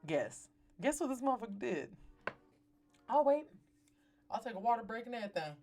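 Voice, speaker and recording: A woman's voice: on the high side, very animated, brisk, darkish tone. A woman hosting a talk show, recapping a TV episode in a casual, dramatic, slang-heavy way full of swearing. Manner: profane, slangy, dramatic storytelling.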